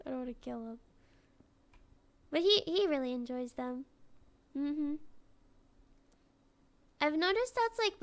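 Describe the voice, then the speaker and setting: A young woman talks in a loose, rambling way, often cutting her sentences off and starting them again. She swears freely. Her voice sits high. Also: a bit bright. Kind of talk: casual chat.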